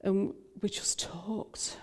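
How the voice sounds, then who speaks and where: A woman's voice: very slow, in a whisper. An older woman minister, telling a personal story in a talk, with frequent fillers and restarts.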